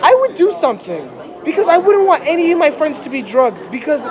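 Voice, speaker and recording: A man's voice: very high voice, very animated, fairly quick. Young male comic storyteller, exaggerated and mock-dramatic, performing for a live crowd. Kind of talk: comedic storytelling to an audience. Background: crowd, laughter.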